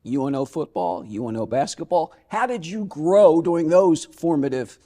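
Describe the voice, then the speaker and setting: Male interview host, high voice, very lively delivery, prompts with quick cues. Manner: upbeat, prompting with short cues. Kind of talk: interview hosting.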